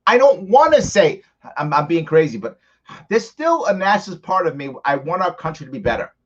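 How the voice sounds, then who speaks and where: A man's voice: on the high side, very animated, normal speed. A man hosting a live ask-me-anything stream, arguing his points in a conversational way and working through examples. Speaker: host answering live viewer questions. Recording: slightly dull lo-fi stream audio.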